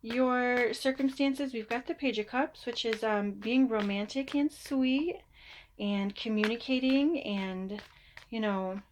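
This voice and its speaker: A tarot reader gives a casual, chatty reading, reassuring her listeners and occasionally mimicking them in a mock voice. Her voice is a little high and slow, with slight background noise.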